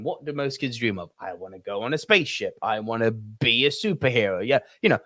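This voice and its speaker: A man in his thirties co-hosting a casual film podcast, pressing his points hard and swearing freely. His voice sits at an ordinary middle pitch. The sound is close and dry, with no room around it. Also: a bit bright, dry recording. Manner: emphatic, swearing, ranting. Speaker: podcast co-host.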